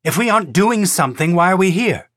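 A man voicing a sharp, impatient woman official who speaks in a forceful, cutting way. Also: high voice, lively intonation, fast, dry recording, studio quality, voice pushed up. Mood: insistent.

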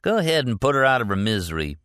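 A man voicing a coarse, ranting bigot who talks in a raised, high-pitched voice. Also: sing-song, normal speed, bright, forceful tone, dry recording, studio quality. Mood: pushy. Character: loud ranting bigoted Southern middle-aged man.

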